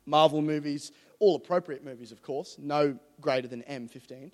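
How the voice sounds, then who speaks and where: A high-pitched man preaches in a lively, joking and excitable way, his voice trailing off into the long reverb of a church hall. He talks fast and loose, building up fervour as he goes. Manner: energetic, jokey, excitable preaching. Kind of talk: sermon.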